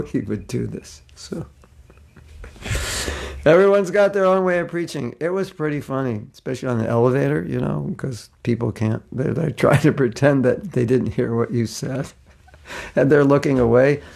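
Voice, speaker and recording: A man's voice: medium pitch, vocal fry, a little mellow. A man in his sixties giving a casual religious class, telling anecdotes with frequent chuckles. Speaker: spiritual teacher.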